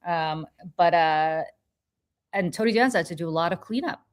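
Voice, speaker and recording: Woman podcast host, lowish voice, profane and animated storyteller. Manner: animated, profane, quick restarts. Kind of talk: casual chat, storytelling.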